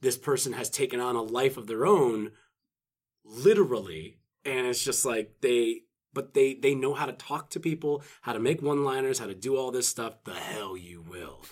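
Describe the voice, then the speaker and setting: A man's voice: mid-range voice, normal speed. A man chatting casually as podcast co-host, rambling, swearing and acting out movie quotes. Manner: rambling, profane, acts out quotes. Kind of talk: casual chat.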